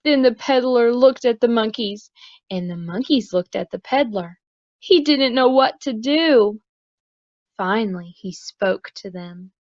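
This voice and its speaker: Woman teacher reading a kids story real slow and clear, soft when she talks to the kids, dull lo-fi sound. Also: fairly high pitch, no echo. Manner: slow, deliberate, expressive reading; gentle, soft-spoken instructions. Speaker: preschool teacher. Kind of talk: storybook read-aloud for young children.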